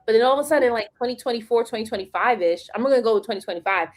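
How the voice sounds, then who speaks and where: A woman's voice: on the high side, very fast. A woman hosting a live stream, chatting casually and playfully, acting out the quotes she tells. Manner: animated, playful, acts out quotes. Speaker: host of a business live stream. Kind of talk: casual chat.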